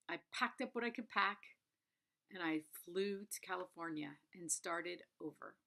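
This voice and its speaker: Bright clear woman in her 50s, confiding vlog storytelling, emphatic, slips into whispers. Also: mid-range voice. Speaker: vlogger. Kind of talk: personal storytelling to camera.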